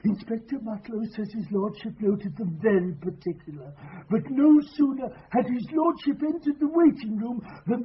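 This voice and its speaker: Deferential old country butler, high voice, rustic grammar, muffled radio broadcast with faint hiss. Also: male voice. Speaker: butler Rainbird. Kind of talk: radio drama acting.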